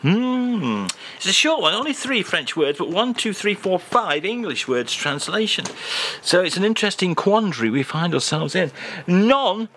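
Mock-pompous, lively man hosting. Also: sits high, moderate pace, slight background noise. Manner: mock-pompous, rambling, deadpan. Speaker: radio comedy host. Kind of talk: comic radio segment.

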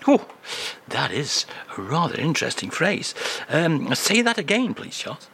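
A man's voice: fairly high pitch, very animated, normal speed, creaky, a bit bright, slightly rough. A man hosting a radio show, bantering playfully and teasingly in a comedy segment. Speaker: radio host.

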